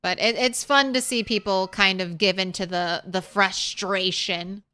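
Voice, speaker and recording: A young woman chatting on a game stream in an unhurried way. Her voice is bright and smooth, a little higher than most. She rambles casually and coos at her cat. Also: steady tone. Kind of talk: casual live-stream chat.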